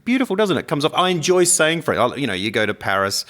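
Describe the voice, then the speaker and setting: A man co-hosting a podcast in casual chat, animated and playful, often mimicking accents and laughing. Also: on the high side, fast talker. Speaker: podcast co-host.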